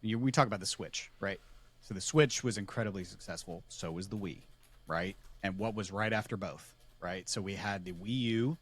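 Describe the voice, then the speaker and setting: A man co-hosting a gaming podcast, chatting casually in a rambling, relaxed way. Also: on the low side, normal speed, husky. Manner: rambling, self-correcting, relaxed. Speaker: podcast co-host. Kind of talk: casual chat.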